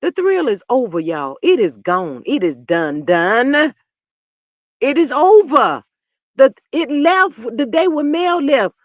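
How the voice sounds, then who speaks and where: A woman hosting a live stream, reading viewer comments and talking back in a sassy, animated way, swinging from low mutters to loud outbursts. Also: slow pace, no echo, clean studio sound. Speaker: reality TV commentary host.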